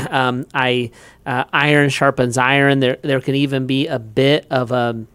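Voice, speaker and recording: A man with a smooth, resonant voice explains scripture on a casual podcast, working through his thoughts slowly. The sound is dry and close. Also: medium pitch, level tone, fairly bright tone, no echo. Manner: thoughtful, measured, with fillers. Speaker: pastor and co-host. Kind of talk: casual faith podcast chat.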